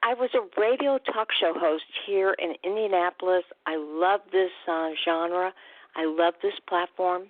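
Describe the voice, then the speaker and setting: A woman's voice: on the low side, measured pace, no echo. A woman hosting a radio talk show as a recovery coach, chatty and upbeat, with casual fillers. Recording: tinny phone-line sound, dry.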